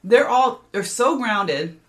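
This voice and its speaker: A woman's voice: fairly high pitch, takes it slowly. An older woman who is a parenting coach, talking as a guest in a casual podcast conversation and telling stories with emphatic energy. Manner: animated, emphatic storyteller.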